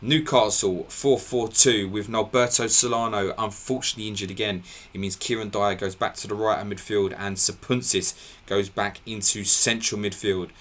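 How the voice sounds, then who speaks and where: A man hosting a live football podcast, briskly reeling off team line-ups and laughing at his own slips. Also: lowish voice, fairly even intonation, fairly bright tone. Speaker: podcast host.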